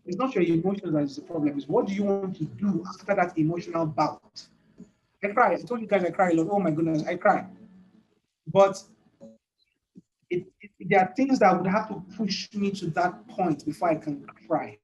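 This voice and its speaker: A man preaching a sermon with emphatic, repetitive phrasing and a fairly high voice for a man. He often laughs between points and drives each idea home by saying it again. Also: moderate pace, muffled recording.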